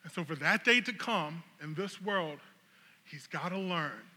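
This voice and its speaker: A high-pitched man with a very bright, sharp tone tells an animated, humorous story as a sermon illustration. His voice rings out with the long reverb of a large hall, like a pastor preaching from a stage. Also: a little slow, a little hiss or hum.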